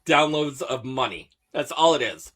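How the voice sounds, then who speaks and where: A man's voice: medium pitch, lively intonation, normal speed, fairly bright tone. A man adding short, laughing side comments to a casual podcast chat. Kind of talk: casual banter.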